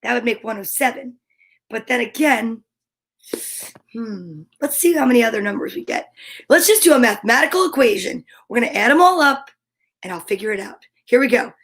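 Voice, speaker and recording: A woman's voice: fairly high pitch, animated, brisk, fairly bright tone. A woman hosting a casual live stream from home, chatting playfully and reading viewer comments aloud.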